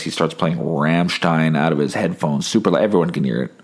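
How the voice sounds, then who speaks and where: Deep-voiced sick young man rambling. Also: fast talker, few pauses. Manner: rambling, wry storytelling. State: sick, holding back coughs. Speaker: podcast host. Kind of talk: casual solo podcast monologue.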